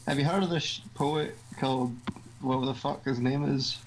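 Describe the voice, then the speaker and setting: A Scottish man voicing a snarky teenage girl club president in a game, teasing and trading crude, deadpan insults. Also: mid-range voice, moderate pace, a little hiss or hum, close to an everyday voice, poor audio. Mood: mocking.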